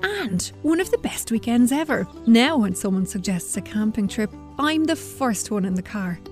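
A woman reading a children's story aloud in a friendly, expressive way and then running a quiz. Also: on the high side, normal speed, faint music behind.

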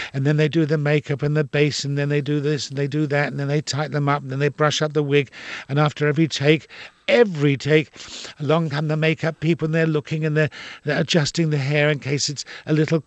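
An older man talks in an interview with emphatic, opinionated conviction, often repeating himself to drive a point home. His voice sits a little high for a man. The recording is dry and close, with no room sound. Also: no room sound. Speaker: actor, interview guest. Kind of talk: casual interview talk.

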